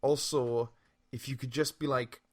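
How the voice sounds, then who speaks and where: A man's voice: mid-range voice, fairly even intonation, unhurried, a little mellow. A young man co-hosting a casual podcast chat over a call, loose and chatty, laughing often. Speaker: podcast co-host.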